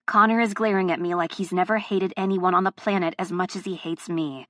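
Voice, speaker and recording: A woman's voice: lowish voice, steady tone, fairly quick, a bit bright, no room sound, studio quality. A woman narrating a first-person audiobook, with a heated, emotionally charged delivery.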